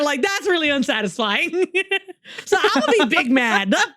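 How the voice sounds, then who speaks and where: A woman's voice: high-pitched, expressive, normal speed, a bit bright. A young woman co-hosting a podcast, chatting casually about a book, laughing often and swearing freely. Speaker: podcast co-host. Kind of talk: casual book-club chat.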